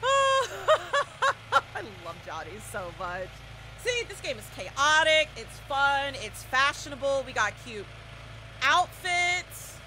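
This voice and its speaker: A young woman streaming a horror game live, commenting excitedly and shouting repeated cheers and trash talk at her teammates. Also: high-pitched, takes it slowly, noisy background.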